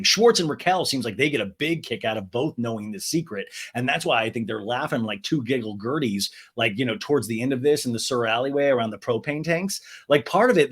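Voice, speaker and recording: A man hosting a podcast, recapping a reality show in an animated, gossipy and profane way. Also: medium pitch. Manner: animated, gossipy, swears and laughs often. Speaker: podcast host.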